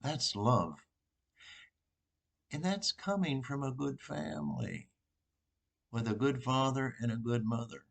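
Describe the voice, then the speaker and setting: An older man, a priest, giving an informal, rambling sermon reflection with pauses and restarts. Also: medium pitch, big pitch swings, vocal fry.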